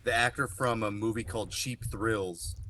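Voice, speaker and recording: A podcast co-host rambles through a story in casual chat, full of fillers and offhand swearing. His fairly low voice is steady, pushed and bright at a moderate pace, with slight background noise.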